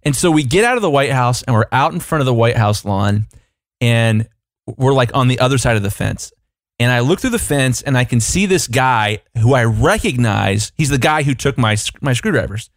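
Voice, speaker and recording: A man co-hosting a podcast, telling a rambling, animated anecdote in casual chat, full of fillers. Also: medium pitch, normal speed, no echo, clean studio sound. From United States. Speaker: podcast co-host.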